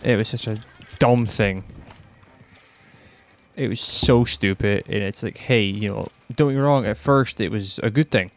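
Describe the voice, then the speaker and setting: A man's voice: lowish voice, unhurried, vocal fry. A Scottish man ranting bluntly and rambling on a casual podcast, swearing heavily and sounding fed up. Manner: exasperated, fed-up. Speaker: podcast host.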